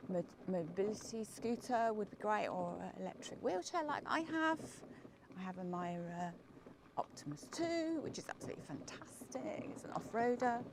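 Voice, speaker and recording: English woman, wheelchair vlogger, chatty and relaxed, noisy outdoor camera audio. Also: medium pitch. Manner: chatty, often drops to a murmur. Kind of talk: casual outdoor vlog narration. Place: outdoors on a quiet clifftop.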